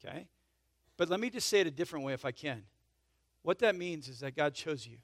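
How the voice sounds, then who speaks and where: A man preaching a sermon in a conversational way, checking in with "right?" and "okay?" and swinging from emphatic swells to soft asides. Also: on the high side, animated, fairly quick. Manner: emphatic swells in volume, then drops to soft intimate asides. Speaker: pastor.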